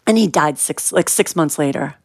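A woman in a radio interview telling a long personal story, her voice a bit low for a woman and recorded close and dry. She keeps slipping into the voices of the people she quotes. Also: normal speed, husky, dry recording. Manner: animated storyteller who acts out quoted voices. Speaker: interview guest.

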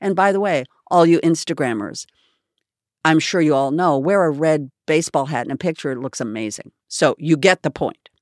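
A woman's voice: sits low, moderate pace, no echo, clean studio sound. A woman guest in a radio interview, telling an anecdote with animation and acting out quotes. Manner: animated storyteller, acts out quotes.

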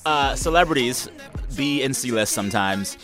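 A man from Texas hosts a casual radio talk show. His playful voice swings widely in pitch and he laughs often. Music plays clearly in the background. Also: animated, normal speed. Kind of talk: casual chat.

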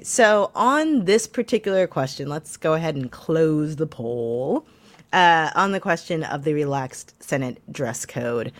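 A woman co-hosting a casual political talk show, chatty and hesitant, with many fillers and restarts. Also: sits low. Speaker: co-host.

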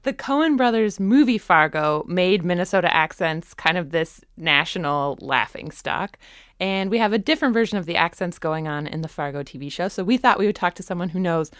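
A woman's voice: fairly low pitch, animated, brisk, fairly bright tone, clean tone, no echo, studio quality. A woman hosting a public radio podcast, reading a chatty, lightly joking intro and asking questions. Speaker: podcast host. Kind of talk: scripted podcast intro and interviewing. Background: music.

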